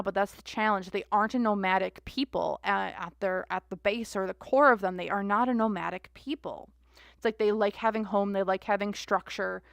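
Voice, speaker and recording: A woman's voice: mid-range voice, vocal fry, dry recording, studio quality. A woman doing a live-stream tarot reading, musing aloud with many restarts and fillers. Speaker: tarot reader.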